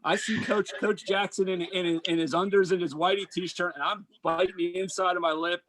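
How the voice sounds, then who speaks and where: A man, a basketball coach and former college player, telling stories in an animated, casual chat. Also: high voice, poor audio. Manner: animated storyteller, quick asides and restarts.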